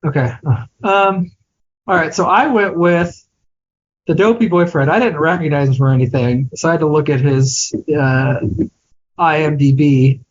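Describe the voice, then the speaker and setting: A man's voice: on the high side, moderate pace, lo-fi sound. A man co-hosting a podcast, chatting casually about films, hesitant and self-deprecating, often restarting his sentences. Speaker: podcast co-host. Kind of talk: casual film chat.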